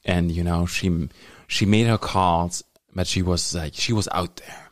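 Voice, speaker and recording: A laid-back man hosting a podcast, talking in a very deep, low voice. He speaks haltingly and often pauses on fillers. The recording is dry and close. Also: fairly even intonation, no room sound. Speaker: podcast host. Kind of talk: casual podcast chat.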